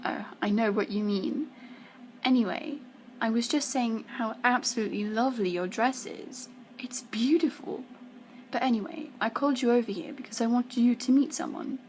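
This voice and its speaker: A woman's voice: on the high side, moderate pace, slight background noise, close to an everyday voice. A woman voicing an eager, chatty young female friend who calls across the room and insists.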